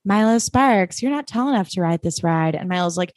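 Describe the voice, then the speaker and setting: A woman co-hosting a podcast, recapping a show in casual chat with animated retellings. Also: on the low side, a little fast, dry recording, studio quality. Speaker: podcast co-host.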